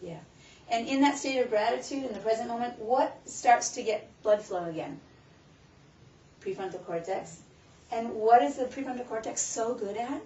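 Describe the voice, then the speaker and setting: A woman presenting a live stress-management workshop, teaching in an animated way with rhetorical questions. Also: fairly high pitch, moderate pace. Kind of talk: live talk to a small audience. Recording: roomy, distant, muffled room recording with faint background.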